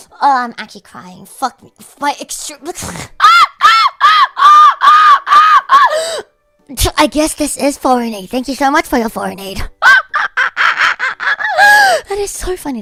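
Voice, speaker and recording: Giggly woman streamer, lively. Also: no echo. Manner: giggly, bursts of high-pitched laughter; rambling, heavy use of "like". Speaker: livestreamer. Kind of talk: casual livestream chat.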